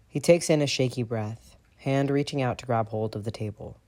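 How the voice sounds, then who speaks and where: A man narrating a fan fiction audiobook in an expressive, steady storytelling voice. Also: medium pitch, moderate pace. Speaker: audiobook reader.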